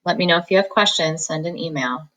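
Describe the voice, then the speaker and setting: A woman teacher giving an online phonics lesson, dictating sentences slowly and sounding out each syllable. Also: on the low side, fairly bright tone, rough recording. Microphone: recorded at a computer for students at home.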